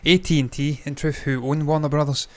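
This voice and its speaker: A man's voice: fairly high pitch, level tone, fairly quick, a little mellow. A man co-hosting a movie news podcast, talking casually and bluntly, swearing often. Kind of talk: casual chat.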